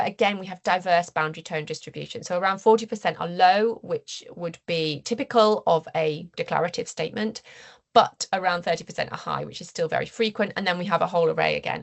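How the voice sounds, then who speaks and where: Her voice fairly low and gravelly, a female researcher walks through her findings in an academic seminar talk. Her delivery is measured but full of ums and restarts.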